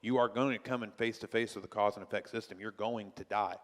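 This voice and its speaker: A man's voice: lowish voice, fairly even intonation, fast, a bit bright. Male pastor, conversational lesson, rhetorical questions, long hall reverb. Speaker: pastor teaching a class. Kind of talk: church class lesson. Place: church hall.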